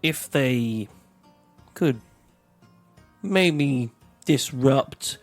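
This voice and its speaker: A man's voice: mid-range voice, lively intonation, extremely slow, faint music behind. A man playing a tabletop role-playing game, speaking tersely in character. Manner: terse, answering with short "aye"s. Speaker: player.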